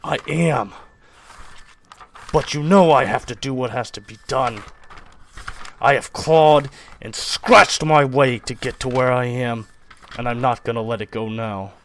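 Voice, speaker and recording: A man's voice: fairly low pitch, little pitch movement, fairly quick, hardly any pauses, slight background noise, close to an everyday voice. A man voicing a cruel, domineering middle-aged father in a tabletop game, stern and menacing.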